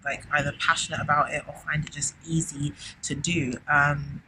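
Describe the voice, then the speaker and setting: A woman giving a casual spiritual tarot reading, effusive and chatty, often exclaiming and filling pauses. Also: low-pitched, flat delivery, low-quality recording. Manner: effusive, keeps exclaiming wow, chatty with many fillers. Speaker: tarot reader. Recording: loud background noise with clicks.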